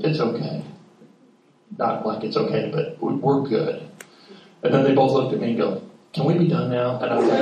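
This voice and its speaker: Middle-aged pastor preaching in an echoey church. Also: male voice, mid-range voice, darkish tone. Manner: conversational storytelling, acts out family dialogue. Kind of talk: sermon. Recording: echoey room, mic at a distance.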